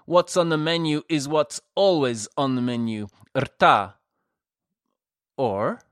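A man voicing a towering male waiter who mocks his guests loudly. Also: fairly high pitch, slow pace, clean tone, no echo, studio quality. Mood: mocking. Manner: boisterous, teasing. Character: towering mocking male waiter, loud and teasing.

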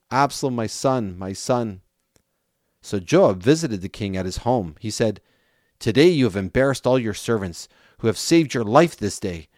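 A man reading a scripture passage aloud with a measured, steady delivery. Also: fairly low pitch, no room sound, studio quality. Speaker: scripture reader.

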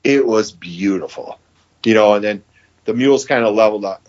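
A podcast guest with a fairly low voice and moderate pace tells a long, folksy tale, acting out what people said and laughing as the story unfolds. It's casual storytelling in dull, lo-fi audio.

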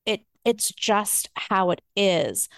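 Woman with a gravelly edge, earnest advice. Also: mid-range voice, very animated, slow pace, no echo. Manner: earnest, gently advising. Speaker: podcast co-host. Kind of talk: casual advice chat.

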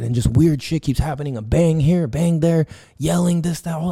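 A man's voice: a little high, normal speed, creaky, mellow, husky. A man hosting a podcast in a casual monologue, talking loosely and profanely, with many fillers and restarts, acting out sounds and his own quoted thoughts as he tells a story. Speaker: podcast host.

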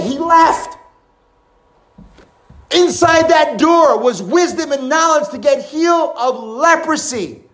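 Animated male preacher, high lively voice, echoey room, lots of exclamations and questions. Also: slow, long pauses. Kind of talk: sermon.

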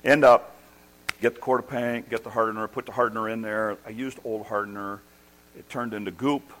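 A middle-aged man preaching a sermon as a pastor, telling a story with animated, self-deprecating humor and excited restarts. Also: on the low side, brisk, a little hiss or hum, poor audio. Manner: restarts and repeats words when excited.

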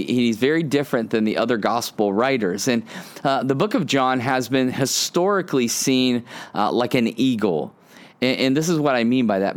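A man in the middle of a devotional podcast, talking in an earnest storytelling way. He stops and restarts often and leans on fillers as he works through his thoughts. His voice sits at an ordinary middle pitch. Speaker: podcast host and preacher.

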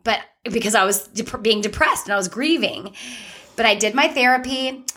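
A woman's voice: on the high side, moderate pace, pushed and bright. A woman co-hosting a podcast, chatting casually in a playful, easygoing way. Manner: chatty, playful, laughs easily. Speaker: podcast co-host. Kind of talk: casual chat.

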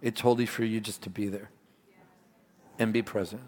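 A man preaching a sermon as pastor, earnest and animated, mixing stories and asides with scripture. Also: on the low side, normal speed. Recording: long hall reverb.

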